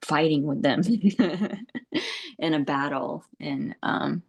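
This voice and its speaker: A woman speaks as a spiritual teacher in a meditative talk, her voice low and her delivery slow. She meanders gently, leaning on "you know" and "like" and breaking into soft laughs. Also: animated, husky.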